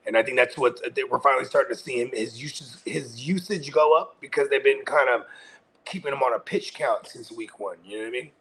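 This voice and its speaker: A man's voice: mid-range voice, fairly quick, a bit bright, slight background noise. A man in casual, profane, slangy chat as a co-host on a fantasy football show.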